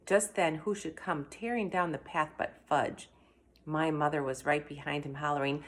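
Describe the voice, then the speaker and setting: A woman reading a children's story aloud in an expressive, animated way. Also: low voice, normal speed. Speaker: reader.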